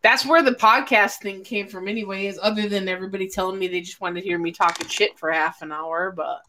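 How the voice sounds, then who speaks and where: A woman's voice: medium pitch, fairly even intonation, quick pace, pushed and bright, slight background noise. A woman hosting a casual livestream chat with friends, talking freely, swearing and laughing often. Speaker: podcast host.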